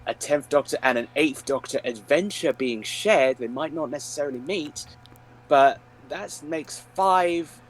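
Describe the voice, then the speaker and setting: A man's voice: on the high side, measured pace. A man chatting casually on a podcast, enthusiastic and often starting with hesitations. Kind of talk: casual chat.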